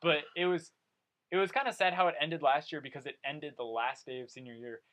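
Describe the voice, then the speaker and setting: Young man, podcast host, animated storyteller, slightly high voice. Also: brisk, low-quality recording. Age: young adult. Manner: animated storyteller, swears casually. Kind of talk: casual chat.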